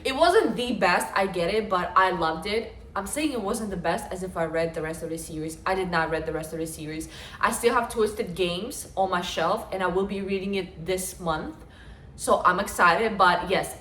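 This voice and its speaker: A woman's voice: on the low side, moderate pace, a bit bright, slight background noise. A woman in her twenties chatting casually and gushing about books, her talk full of fillers. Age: 20s. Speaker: book vlogger. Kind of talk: casual chat. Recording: echoey room.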